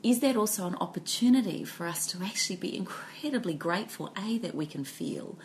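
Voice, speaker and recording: A woman's voice: lowish voice, lively intonation, a little fast, slight background noise. A woman co-hosting a podcast in casual chat, reflective and storytelling, with many fillers. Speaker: podcast co-host.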